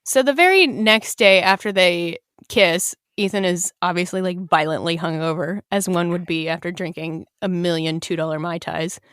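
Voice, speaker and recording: A woman's voice: lowish voice, moderate pace, few pauses, fairly bright tone, smooth, no room sound, studio quality. A woman co-hosting a casual book-discussion podcast, retelling scenes and swearing now and then. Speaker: podcast co-host.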